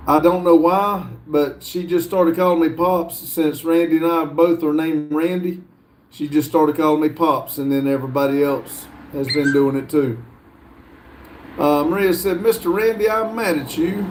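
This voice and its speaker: A man's voice: on the high side, slight background noise. A middle-aged man with a North Carolina accent, hosting a casual livestream and reading viewer comments aloud in an easygoing, drawling way with many fillers. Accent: Southern US, North Carolina. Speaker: livestream host reading chat. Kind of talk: casual live chat.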